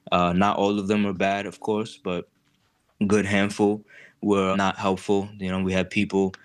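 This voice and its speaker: A young man telling the story of his jail stay in a halting, conversational way, with many fillers and restarts. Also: low voice, flat delivery, clear, resonant tone. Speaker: client describing his case.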